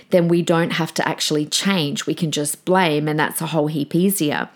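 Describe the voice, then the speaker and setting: A woman's voice: low-pitched, moderate pace. A woman, hosting a solo podcast in a chatty, direct way and often calling her listeners "guys". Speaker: podcast host.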